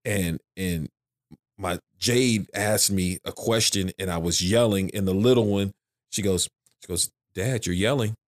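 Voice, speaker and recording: A man's voice: low-pitched, measured pace. A man who is a father of three, talking frankly and emphatically in a casual podcast conversation, repeating his phrases as he goes.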